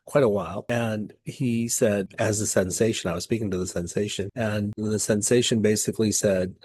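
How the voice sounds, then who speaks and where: A man working as a therapist, recounting a couples session in a soft, reflective, loosely phrased way. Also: fairly low pitch, steady tone, normal speed, slightly rough, no room sound.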